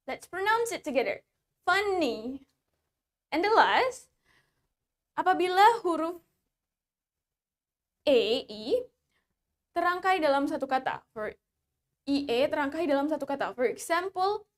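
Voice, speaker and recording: A woman English teacher with an Indonesian accent, explaining in two languages and drilling words slowly for the class to repeat. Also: high-pitched, expressive. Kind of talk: bilingual English lesson, slow drills.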